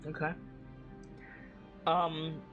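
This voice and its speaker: A man's voice: fairly high pitch, completely flat delivery, very slow, phone-quality sound, over music. Rambling man running a tabletop game. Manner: loose, filler-heavy explaining. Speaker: game master.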